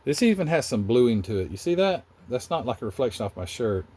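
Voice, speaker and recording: A man's voice: mid-range voice, big pitch swings, a little fast, darkish tone, husky. A man with a Southern US accent, hosting a casual, rambling chat about model car building in his hobby workshop. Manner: rambling, chatty, self-interrupting.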